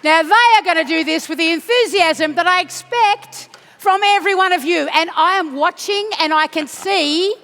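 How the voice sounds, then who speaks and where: Leading a crowd chant and dance at a union congress, a woman with a bright, very high voice rallies the hall at normal speed. She's playful, teasing and rousing, breaking into shouts, and the recording carries the echo of a large conference hall.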